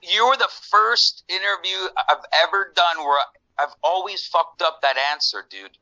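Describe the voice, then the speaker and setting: Male rocker guest, very bright and forceful tone, dry close sound, swears freely and tells stories with loose, animated energy. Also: high-pitched, normal speed, no echo, lo-fi sound. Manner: profane, laid-back, animated storytelling. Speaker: musician guest. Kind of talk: casual interview chat.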